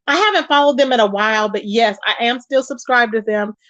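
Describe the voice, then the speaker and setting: High-voiced chatty woman streamer. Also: a little fast, dull audio. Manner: animated, chatty, calls viewers "child" and "baby". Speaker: livestream host reading chat. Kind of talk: casual chat.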